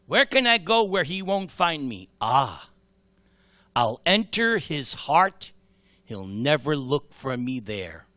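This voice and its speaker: A man voicing a clever male deity thinking aloud in a retold scripture story, soft and playful. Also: fairly high pitch, big pitch swings, slow pace, no echo, full character voice. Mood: musing.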